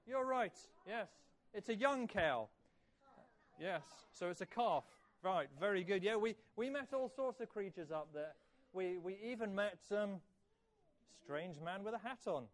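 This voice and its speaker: Fiftyish guy telling a story to kids at church, chatty and upbeat, higher voice. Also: unhurried. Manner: lively, asks children questions and praises answers. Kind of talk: children's story talk with questions to kids. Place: church hall.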